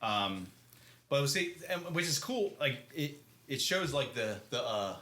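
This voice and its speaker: A man's voice: mid-range voice, sing-song, a little slow, sharp tone. A man co-hosting a podcast, recapping a book in loose, rambling casual chat, swearing and laughing often. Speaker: podcast co-host. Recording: echoey room.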